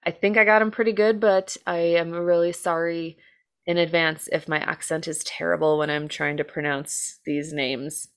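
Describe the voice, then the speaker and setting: Chatty American woman with a lowish voice. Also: steady tone, normal speed, clear, resonant tone. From United States. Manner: chatty, filler-heavy, self-deprecating, swears casually. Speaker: podcast co-host telling a true-crime case. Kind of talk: casual chat.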